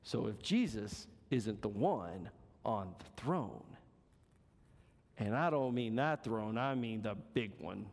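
A man preaching a sermon in a church, dramatic and emphatic, stretching out key words and swinging between loud and soft. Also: on the low side, lively intonation, slow, creaky, long reverb tail. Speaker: pastor. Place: church sanctuary.

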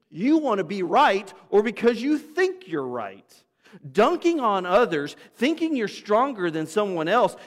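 A man preaching a sermon to his congregation in a conversational, storytelling way, with asides to people in the room. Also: high voice. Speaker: pastor. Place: church sanctuary. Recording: long reverb of a church hall.

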